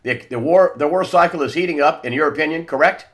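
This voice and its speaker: A man hosting an interview, talking in a halting way with many restarts and confirming questions. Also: fairly high pitch. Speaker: interview host.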